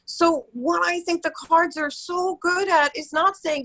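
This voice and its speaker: A woman in her fifties with a New York accent, a tired actress chatting as a guest, animated and jumping between thoughts. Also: very high voice, unhurried. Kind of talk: casual interview chat.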